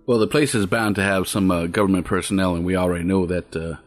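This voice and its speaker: A man with a very deep voice chimes in as a player in a tabletop role-playing game, keeping his remarks dry and easygoing. Faint music sits in the background. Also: fairly even intonation, quick pace.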